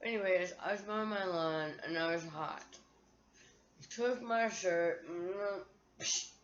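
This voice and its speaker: A woman's voice: lowish voice, measured pace, dull audio. A woman vlogger talking to her phone in a candid, profane, rambling monologue.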